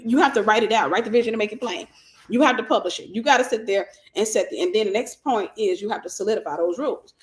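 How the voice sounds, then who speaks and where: A woman leads a casual faith teaching on her own show, talking things through aloud and weaving in scripture. Her voice sits at a middle pitch. The room rings with a noticeable echo around her. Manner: conversational preacher's teaching, thinks aloud and restarts, quotes scripture. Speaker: ministry host and mentor. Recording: roomy echo.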